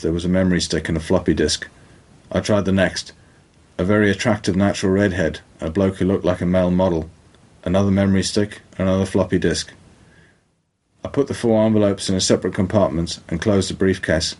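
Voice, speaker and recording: A man's voice: low voice, steady tone, a little fast, darkish tone. A man with a British accent reading a crime audiobook in a dry, matter-of-fact way. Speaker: narrator. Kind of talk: audiobook narration.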